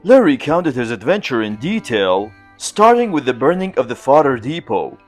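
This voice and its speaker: A man narrating a classic novel as an audiobook, in measured storytelling. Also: soft background music. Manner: measured storytelling, lively in pitch.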